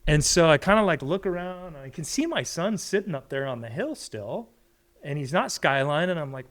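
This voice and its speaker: A man, a podcast guest, telling a story in a casual, animated way and acting out the quoted lines. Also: fairly quick. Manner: animated storyteller, acts out quotes with big pitch jumps.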